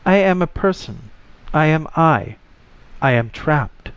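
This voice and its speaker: A man's voice: fairly high pitch, takes it slowly, clean tone, no echo, pitched above the performer's own voice. A man voicing an eager disembodied voice. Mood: urgent. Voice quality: rising to excited shouts. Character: disembodied trapped voice, eager and pleading. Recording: slightly muffled lo-fi recording.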